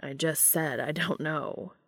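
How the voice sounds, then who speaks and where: A woman voicing a literal-minded male angel who talks in a flat, formal, deadpan way, in a fan fiction audiobook reading. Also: low voice, slow pace, no room sound, clean studio sound, heavily acted.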